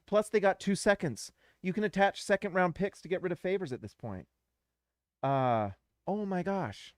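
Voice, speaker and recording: A man's voice: high-pitched, expressive, normal speed, dry recording. A man hosting a casual live reaction stream, talking to his viewers in an effusive way and repeating himself often.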